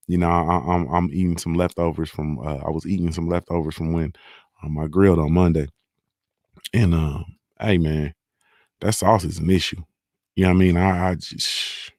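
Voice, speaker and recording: A man's voice: low-pitched, darkish tone, no echo, studio quality. A man hosting a casual solo morning show, talking in a laid-back way with lots of "man" and "you feel me" as he reads sponsor plugs. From Ohio.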